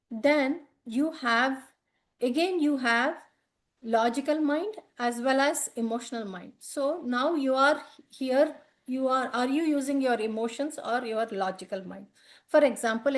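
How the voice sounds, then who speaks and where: A woman's voice: high-pitched, normal speed. A woman teaching a healing session, explaining earnestly and often repeating and rephrasing herself as she goes. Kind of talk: explaining during a live session.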